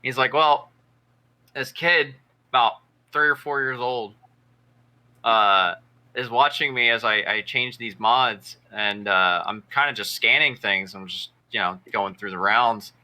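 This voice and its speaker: A man's voice: mid-range voice, a little slow, pushed and bright. A young man in casual chat, telling a crude work story with lots of laughter. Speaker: podcast co-host.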